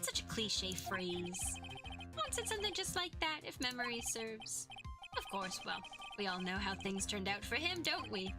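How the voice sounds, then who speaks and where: A woman's voice: medium pitch, big pitch swings, moderate pace. Lady voicing a two-faced young celeb bad guy, mocking singsong, music in the back. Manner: sneering, mocking sing-song taunts.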